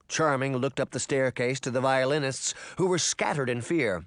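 A man narrating a fantasy story as an audiobook reader, in expressive scripted narration. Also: mid-range voice, normal speed, few pauses, no room sound, studio quality.

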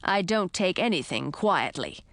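Audiobook: brash young frog prince voiced by a woman, mocking and lively, dry close sound. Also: fairly low pitch, measured pace, no echo, exaggerated voice. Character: boastful whiny male frog prince. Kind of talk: audiobook character voice.

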